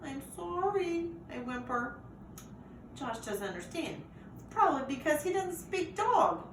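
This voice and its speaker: A woman reading a chapter book aloud to children in a lively way, pausing to ask the listeners questions. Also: sits high. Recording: roomy echo, distant mic, faint noise.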